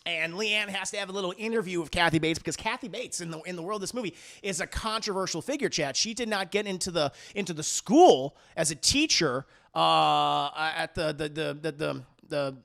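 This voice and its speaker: A young man rambles through a movie review for his live chat, swearing and piling up fillers. His voice sits high, with a gravelly rasp and a bright, sharp tone. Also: brisk, few pauses. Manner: rambling and profane, full of fillers.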